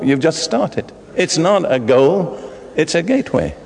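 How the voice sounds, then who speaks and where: Emphatic older preacher in a hall. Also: male voice, fairly high pitch, a little slow, creaky. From Britain. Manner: emphatic, rising to excited bursts. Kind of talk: sermon. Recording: long hall reverb.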